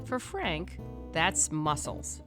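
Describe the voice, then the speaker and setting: A woman's voice: sits low, big pitch swings, drawn-out words. A woman reading scripted voice-over narration for a travel cooking show. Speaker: host narrating. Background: guitar music.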